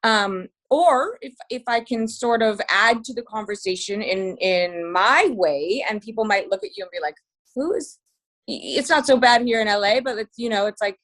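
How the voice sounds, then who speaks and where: A middle-aged woman in a casual chat as a podcast guest, candid and animated, swearing freely. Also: medium pitch, normal speed.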